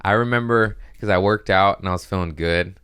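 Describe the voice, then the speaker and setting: A man hosting a podcast in a casual rambling monologue, profane and self-mocking, drifting between quick asides and mumbled lines. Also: low-pitched, a bit bright, clean tone, no echo. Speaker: podcast host.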